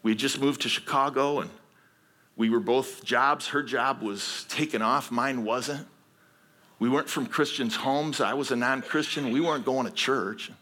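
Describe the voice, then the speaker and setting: Pastor, male, sermon delivery: bright, husky tone, earnest storytelling that builds to emphatic appeals. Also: mid-range voice, moderate pace.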